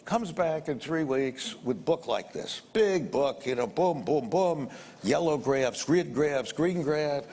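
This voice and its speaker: A man's voice: fairly high pitch, animated, takes it slowly, a little mellow. An older man telling a conversational business anecdote, repeating phrases and acting out the dialogue. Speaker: investor telling a story. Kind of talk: anecdotal storytelling. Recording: long hall reverb, faint ambience.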